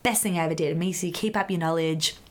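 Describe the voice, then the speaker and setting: A woman's voice: lowish voice, fast. A young woman doctor co-hosting a podcast, chatting casually with enthusiasm. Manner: enthusiastic, upbeat, expressive. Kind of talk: casual chat.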